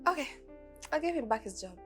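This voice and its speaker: A woman's voice: sits high, sing-song, fairly quick, a bit bright, soft background music. An actress with a Nigerian accent playing a bitter young woman in a wheelchair who snaps at her driver. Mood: sulky. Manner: haughty, snapping. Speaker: boss in a wheelchair.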